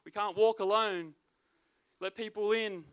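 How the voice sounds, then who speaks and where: A man gives a sermon as youth leader in a high, bright voice. He preaches emphatically, driving his points home by repeating them, and his tone stays smooth and clear. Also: steady tone, unhurried.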